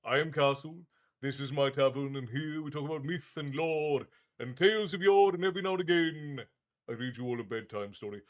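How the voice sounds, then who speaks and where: A man's voice: fairly high pitch, a little fast. Easygoing man hosting a live chat. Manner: friendly and easygoing, stumbling restarts. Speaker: livestream host, tavern keeper persona. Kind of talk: casual livestream chat, reading viewer comments aloud.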